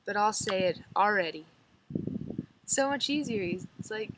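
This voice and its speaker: A woman's voice: mid-range voice, animated, normal speed, very noisy. A teenage girl with a slight rural drawl, chatting casually to her camera in a rambling, giggly way, full of "like". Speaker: vlogger.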